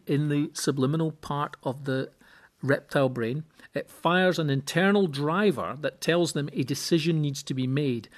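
A middle-aged man hosting a solo instructional podcast who talks in an explanatory way and often repeats a word while he finds the next one. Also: fairly high pitch. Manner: explanatory, repeats words while thinking, animated when quoting people. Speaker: podcast host and seminar speaker.

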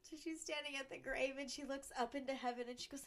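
Woman, podcast co-host, high voice, casual chat, jumps in to finish sentences. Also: fairly even intonation, fast talker, a bit bright. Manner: chiming in, finishing the other host's sentences, laughing.

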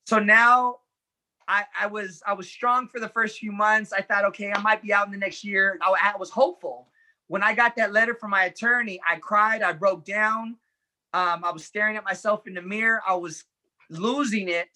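A man's voice: high-pitched, steady tone, normal speed, pushed and bright. A man telling his life story as an interview guest, earnestly and animatedly, acting out the dialogue as he recounts it. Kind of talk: personal storytelling in conversation.

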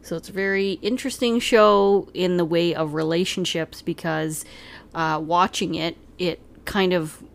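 A woman's voice: lowish voice, a little slow, vocal fry. A woman co-hosting a casual podcast with her partner, teasing him and laughing often. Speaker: podcast co-host. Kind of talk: casual couple chat.

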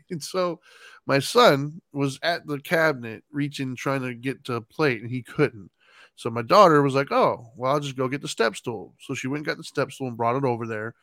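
Middle-aged male co-host, chatty and animated, acts out quotes, dry recording. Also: medium pitch, moderate pace, no room sound. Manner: animated, laughs while telling, acts out his kids' lines. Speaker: podcast co-host. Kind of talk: casual storytelling chat.

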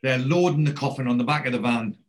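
A man's voice: mid-range voice, quick pace. Chatty man retelling tv scenes. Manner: chatty storyteller who acts out quoted lines. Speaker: podcast host recapping a TV series. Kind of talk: casual chat, retelling scenes.

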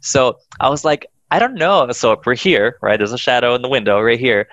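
A man casually telling a ghost story on a podcast, animated, swearing freely and acting out the voices of the people in it. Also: mid-range voice, brisk, no echo, muffled recording.

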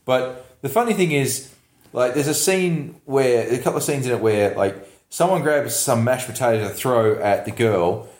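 Dude rambling through a movie plot, lots of ums and laughs, echoey room. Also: male voice, mid-range voice, moderate pace, a little mellow. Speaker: podcast co-host. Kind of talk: casual movie recap chat.

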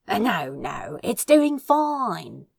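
A woman's voice: mid-range voice, sing-song, very slow, creaky, a little mellow, slightly rough, dry recording, heavily acted. A woman voicing a dry, teasing masked young man who speaks in a wry, understated way. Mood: reassuring.

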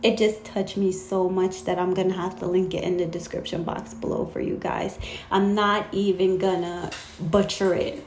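Speaking at a moderate pace in a lowish, level voice, a faith vlogger rambles through a warm, casual spiritual talk for her viewers, interrupting herself with fillers. The recording has an echoey room sound and a little hiss or hum.

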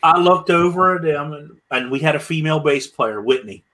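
A man's voice: on the high side, fairly quick, pushed and bright. A man from Pennsylvania, a musician telling road stories in a casual, rambling way with many restarts. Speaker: musician guest. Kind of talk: casual storytelling.

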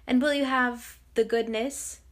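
A woman voicing an elderly man, a former miser turned joyful and generous, talking with eager, effusive warmth in an audiobook. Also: a little high, steady tone, a little slow, lightly acted. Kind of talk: audiobook character reading.

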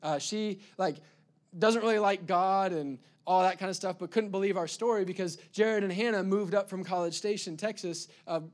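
A male pastor preaching with a high, bright voice. He talks energetically, trips over his words and restarts them, and breaks into sudden loud bursts. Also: moderate pace. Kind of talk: sermon.

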